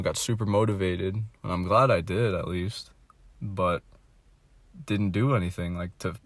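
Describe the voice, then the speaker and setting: A vlogger in his twenties, his voice on the low side with no room sound, rambles through a casual, venting monologue recorded on a phone. He sounds deflated, swears often, and fills his talk with "like" and "you know."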